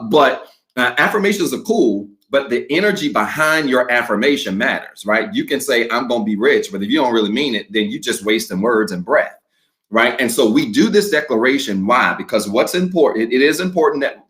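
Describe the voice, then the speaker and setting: Energetic pastor preaching to a livestream. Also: male voice, mid-range voice. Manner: energetic, talks to viewers directly; slow, measured reading of a declaration. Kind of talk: livestreamed sermon.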